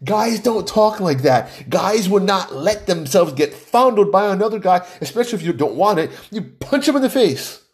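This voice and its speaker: Animated, mocking male commentator. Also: sits high, moderate pace, few pauses. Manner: animated, laughs often, mocking. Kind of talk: opinionated news commentary.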